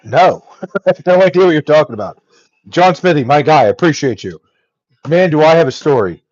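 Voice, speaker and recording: Young man, livestream chat, profane, rambling, slightly high voice, dry close mic, dull lo-fi audio. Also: expressive, fairly quick, a little mellow, dry recording. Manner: loose, profane, rambling with many ums.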